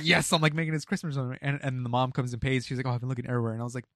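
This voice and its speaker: Young man, rapid retail war story, animated with quotes, dry close sound. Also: mid-range voice, no room sound. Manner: animated, acts out quotes, swears freely. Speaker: retail store employee telling a work story. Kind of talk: casual storytelling chat.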